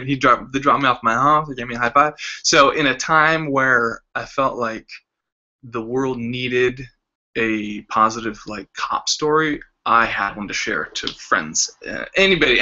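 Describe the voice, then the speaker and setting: A man in his thirties, casually telling a story as a vlogger and acting out the quoted lines with lively voices. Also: mid-range voice. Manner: animated, acts out quoted lines with shifting voices. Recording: slightly dull lo-fi sound.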